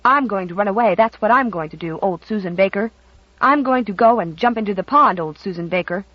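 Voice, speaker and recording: An audiobook narrator voicing a rebellious little boy who snaps and shouts at people, recorded dry and a bit muffled. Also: mid-range voice, lively intonation, moderate pace, no room sound, close to an everyday voice. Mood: fierce sulk. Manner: fierce, shouting.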